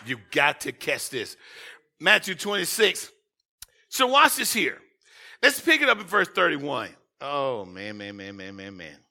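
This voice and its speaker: A man preaching a sermon as pastor, swinging between shouted lines and quiet asides. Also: on the high side, very animated, a little slow.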